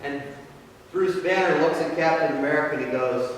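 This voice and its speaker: A male pastor preaching a conversational, storytelling sermon, his voice dropping in pitch and volume at the ends of phrases, in an echoey church hall from far off. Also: fairly quick, slight background noise. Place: church sanctuary.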